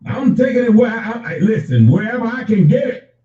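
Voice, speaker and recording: Male livestream host, profane and lively, fairly high and mellow voice, off-mic with a dull lo-fi sound. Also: fairly quick, echoey room, recorded from a distance. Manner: animated, profane, addresses chatters by name. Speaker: livestream host reading viewer chat. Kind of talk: casual unscripted livestream talk.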